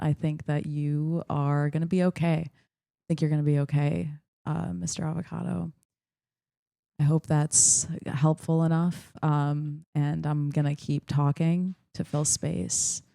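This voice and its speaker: A woman comedian giving mock-earnest, faux-therapeutic advice in a deadpan, soothing way. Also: low-pitched, vocal fry, no room sound, studio quality. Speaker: comedian contestant.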